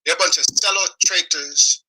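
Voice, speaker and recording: A man's voice: a little high, normal speed, slightly rough, low-quality recording. Furious, foul-mouthed man ranting. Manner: angry, profane, shouting in bursts. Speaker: video blogger. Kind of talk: weekly rant.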